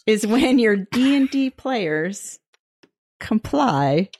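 Woman panelist, slow easy talk, wry, voice swoops up and down. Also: fairly high pitch, expressive, a little mellow. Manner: wry, laughing, unhurried. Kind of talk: casual game chat.

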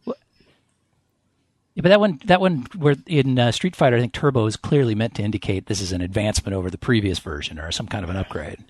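A man's voice: lowish voice, quick pace, breathy edge, no echo. A man co-hosting a casual podcast chat over a video call, joking and teasing the others. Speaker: podcast co-host.

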